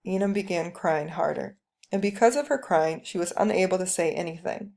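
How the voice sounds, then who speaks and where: Gravelly-voiced woman reading a story. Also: on the low side, a little fast. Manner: calm, steady first-person narration. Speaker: reader.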